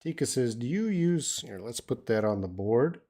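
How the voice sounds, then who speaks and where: During a live stream English lesson, an older Australian teacher answers questions from viewers in a mid-range voice at normal speed. His talk is loose and relaxed, wandering along with frequent fillers and false starts.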